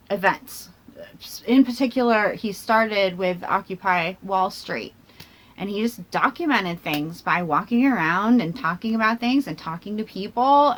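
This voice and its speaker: A woman vlogger talking to her laptop camera in a rambling, self-mocking way, thinking out loud and jumping between tangents. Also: medium pitch. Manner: chatty and self-mocking, laughs between phrases. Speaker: vlogger and channel host. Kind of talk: casual talking-to-camera commentary.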